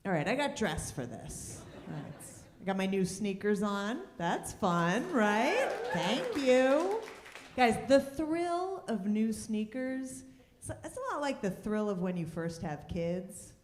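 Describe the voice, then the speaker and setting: A woman's voice: mid-range voice, big pitch swings, takes it slowly. Sardonic woman comic in a roomy club. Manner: sardonic, dry punchlines. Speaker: stand-up comedian. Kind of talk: stand-up comedy set. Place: comedy club stage.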